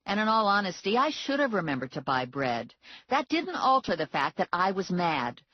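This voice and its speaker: A woman with a low, husky voice reads first-person fiction with wry, expressive timing. Her pitch swings widely, and the recording is dry and slightly muffled. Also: moderate pace, dry recording. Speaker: audiobook narrator. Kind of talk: scripted first-person narration.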